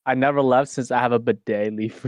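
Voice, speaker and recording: A man's voice: medium pitch, steady tone, a little fast, dry recording, clean studio sound. A man co-hosting a casual stream, trading crude jokes with his partner. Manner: joking, crude banter. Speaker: streamer co-host.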